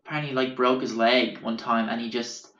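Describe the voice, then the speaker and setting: A man's voice: medium pitch, flat delivery, brisk, sharp tone, reverberant, muffled recording. An Irish man hosting a podcast, telling stories in a rambling, casual way and swearing freely. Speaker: podcast host. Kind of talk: casual storytelling.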